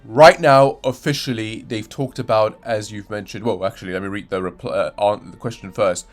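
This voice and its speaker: A young man with a fairly low voice talks casually through video game news as a channel host. He rambles, corrects himself mid-sentence and slips in sarcasm. Soft music plays faintly underneath. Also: normal speed.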